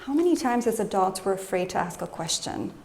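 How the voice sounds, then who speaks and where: A woman's voice: mid-range voice, animated, a little fast, vocal fry, a little mellow, slight background noise. A woman in a mid-range voice gives a live lecture as an emotional health coach. She keeps it conversational and turns to the room with questions. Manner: conversational, poses questions to the audience; acts out scolding voices in quotes.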